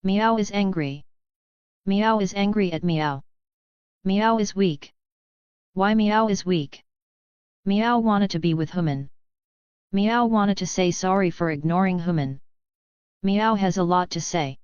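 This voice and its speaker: A woman's voice: medium pitch, slow, pauses often, darkish tone, clean tone, no echo, lightly acted. A woman voicing a small childish black cat who speaks in broken words and calls itself by its own name. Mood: sad, frustrated. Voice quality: childish broken speech, speaks of self as Meow. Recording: dull lo-fi sound.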